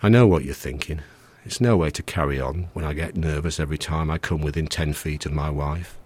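A man's voice: very deep voice, brisk, darkish tone, husky. A man voicing a nervous middle-aged husband who talks in an anxious, fretful way.

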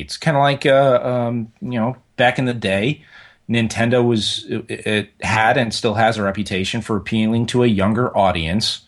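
A man co-hosting a casual podcast, explaining his points in a measured way. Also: medium pitch, fairly even intonation. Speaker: podcast co-host.

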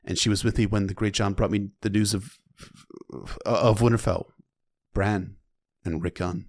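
A man voicing a young male king who speaks in a solemn, quiet, halting way, in a deadpan book recap. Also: fairly low pitch, dry recording, studio quality, pitched below the performer's own voice. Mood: earnest.

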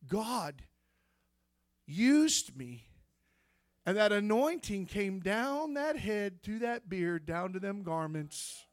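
A man preaching a testimony sermon, telling his story with fervor that climbs into shouts. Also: very high-pitched, lively intonation, slow pace, pauses often, no echo, studio quality. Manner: fervent storytelling, rising to shouts.

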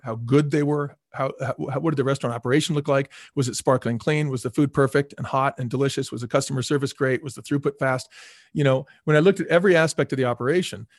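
A fast-talking middle-aged man tells stories in an interview, repeating words for emphasis and acting out the people he quotes. His voice sits at a middle pitch and is recorded close and dry, with no room sound. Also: dry recording. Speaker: former restaurant chain CEO, guest. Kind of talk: casual storytelling interview.

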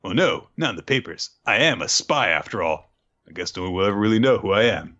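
A man voicing a boastful, clueless young male spy in a high excited voice while retelling a cartoon scene. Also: fast talker, dull audio.

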